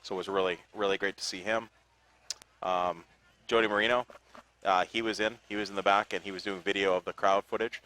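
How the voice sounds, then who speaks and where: Very deep-voiced male co-host. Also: fairly even intonation, a little fast, pushed and bright, clean tone. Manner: reads thank-yous with many fillers. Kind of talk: casual live broadcast chat. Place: outdoors at a parade.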